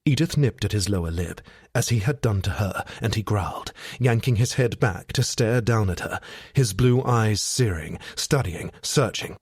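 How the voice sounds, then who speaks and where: A man reads a romance novel aloud in a steady, sensual manner. His voice is low and husky, and the recording is dry and close with no room sound. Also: normal speed, no room sound. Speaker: audiobook narrator. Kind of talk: scripted romance narration.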